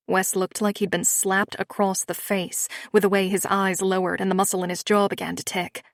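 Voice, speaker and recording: A woman's voice: medium pitch, little pitch movement, normal speed, hardly any pauses, no echo, studio quality. Woman reading a romance audiobook. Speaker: audiobook narrator. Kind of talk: scripted first-person narration.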